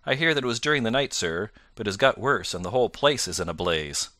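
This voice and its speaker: A polite, gossipy country station master, read by a man in an audiobook, deferential and chatty. The voice is bright and forceful, recorded close and dry. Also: lowish voice, expressive, fast talker, no echo.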